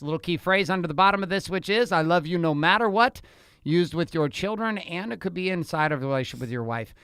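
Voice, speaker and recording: A man's voice: high voice, a bit bright, smooth, no room sound, studio quality. A middle-aged man co-hosting a casual couples podcast, speaking directly and coaching the men listening. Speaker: podcast co-host.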